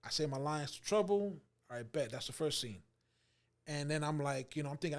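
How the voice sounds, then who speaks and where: A man in his forties tells a lively story as an interview guest. His voice sits high for a man and moves quickly, and he acts out the other people's lines with lots of laughter. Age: 40s. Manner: expressive storyteller acting out quotes, laughing often. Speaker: actor guest. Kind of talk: animated storytelling.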